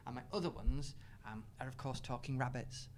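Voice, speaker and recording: A man speaking as an author on a live panel discussion, enthusiastic, with quick asides and laughter. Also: mid-range voice, a little mellow, a little hiss or hum.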